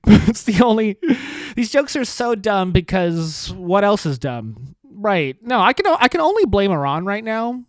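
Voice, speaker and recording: Sarcastic ranting comedy podcast host. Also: male voice, sits high, no room sound. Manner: exasperated, sarcastic ranting with swearing. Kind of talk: comedic monologue.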